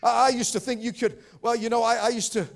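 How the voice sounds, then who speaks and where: A male pastor preaching a sermon, stammering and repeating words, building to shouted fervor. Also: extremely high pitch, flat delivery, fast, vocal fry. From Pacific Islands. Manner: repetitive stammering restarts, rising to shouting fervor.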